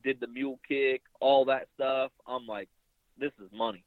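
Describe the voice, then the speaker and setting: Over a thin phone line, a bowhunter guest in a casual storytelling interview rambles through a hunting story, animatedly retelling it with quoted dialogue. His voice is medium-pitched and a little slow, and the recording is dry.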